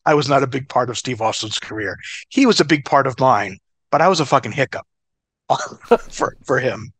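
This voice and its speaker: A man's voice: mid-range voice, normal speed, husky, no room sound. A middle-aged man and former pro wrestler telling stories in a casual interview, swearing freely and laughing as he goes. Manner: profane, animated, laughs through stories.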